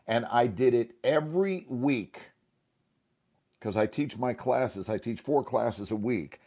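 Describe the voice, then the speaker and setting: A man's voice: medium pitch, normal speed, noisy background. A man, an actor and teacher, telling a motivational story as a guest. He speaks emphatically and acts out the dialogue.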